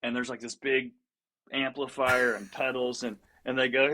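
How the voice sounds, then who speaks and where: A man chatting as a guest on a podcast, telling a story in a loose, lively way. He laughs now and then, doubles back on his words, and acts out what other people said. His voice sits at a middle pitch. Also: moderate pace. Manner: laughs often and restarts sentences. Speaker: guest musician. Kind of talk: casual storytelling in a podcast interview.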